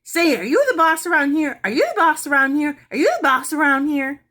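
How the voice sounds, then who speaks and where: A woman voicing a cross, rude female parrot that snaps out short loud demands. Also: on the high side, lively intonation, takes it slowly, voice pushed up, full character voice. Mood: yelling. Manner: loud, rude, snapping and repetitive.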